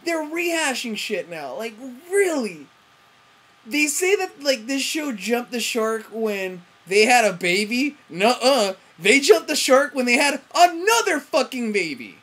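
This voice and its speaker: Husky woman for a rambling, profanity-laced TV review vlog. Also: on the high side, very animated, unhurried, a bit bright. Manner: profane, rambling, frustrated ranting; frequent self-interruptions and fillers. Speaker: TV review vlogger. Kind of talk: ranting TV episode review.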